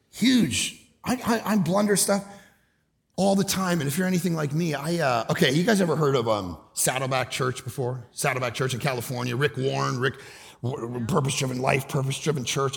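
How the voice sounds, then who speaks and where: A man preaching a comedic sermon, telling stories with sudden loud, shouted bursts. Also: on the high side, vocal fry. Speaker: guest preacher. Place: church.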